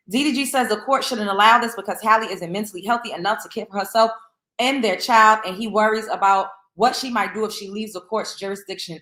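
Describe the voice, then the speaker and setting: A woman's voice: mid-range voice, bright, forceful tone, reverberant. A woman hosting celebrity gossip commentary, reading reports and then reacting with strong opinions. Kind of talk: commentary on news.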